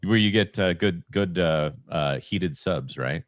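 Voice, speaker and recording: A man's voice: low-pitched, measured pace, dry recording, studio quality. A man co-hosting a casual online panel show, reading viewer messages aloud with jokes. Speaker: co-host reading super chats.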